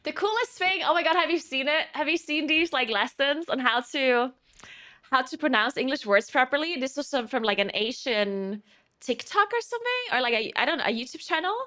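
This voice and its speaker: A woman's voice: sits high, expressive, fairly quick, bright, forceful tone. A woman streamer chatting casually in a rambling way, laughing often.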